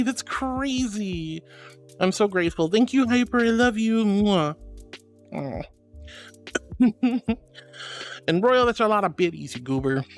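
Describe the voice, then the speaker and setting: Gushing streamer with a lively, swooping voice who calls chat "sweetie," faint music underneath. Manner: bubbly, affectionate, calls viewers sweetie; swoops into high squeals of excitement. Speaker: VTuber streamer. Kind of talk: livestream chat reading viewer messages.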